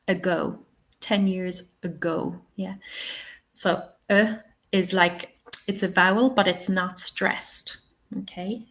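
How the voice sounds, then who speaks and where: Speaking slowly and steadily with some vocal fry, this Irish-accented woman has a fairly low pitch. As host of a live English-teaching webinar, she takes learners through each vowel sound, patiently explaining and demonstrating it.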